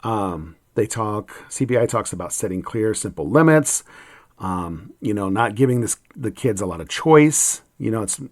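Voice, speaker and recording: A man hosting an educator's podcast, talking in a calm, steady, conversational way with frequent ums. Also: fairly low pitch, moderate pace, few pauses, dry recording, studio quality. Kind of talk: reflective podcast monologue.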